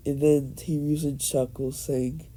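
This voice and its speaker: A young man narrates a made-up fan story at a slow, unhurried pace, rambling through ums and restarts. His voice is mellow and dark in tone, sitting a bit high for a man. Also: level tone. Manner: rambling, many fillers and restarts, laughs at own jokes.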